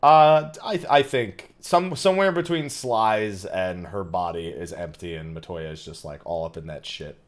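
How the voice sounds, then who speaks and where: A man's voice: low voice, moderate pace, few pauses. A man hosting a casual podcast, laid-back and joking with his guests. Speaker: podcast host.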